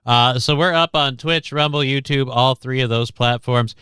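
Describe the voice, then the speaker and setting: Worn-out guy chatting on his stream, bright smooth voice, dry close sound, keeps trailing off. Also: mid-range voice, normal speed, no echo. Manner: rambling, self-interrupting, reads chat aloud. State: tired, short of breath. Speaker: livestream host. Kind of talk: casual livestream chat.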